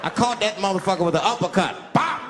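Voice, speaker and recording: A man performing a stand-up comedy set, telling stories and shouting out the voices of other people. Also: high voice, fast talker, noisy background. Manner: animated storytelling, shouting impressions of others. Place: large live venue with audience. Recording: reverberant live hall recording with crowd laughter. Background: audience laughter.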